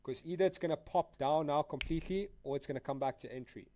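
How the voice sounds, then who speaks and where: A man live-streams his trades, calling them out and answering chat in a casual, slang-heavy way, addressing viewers as "guys" and "dude." His voice is on the high side, fast and warm in tone.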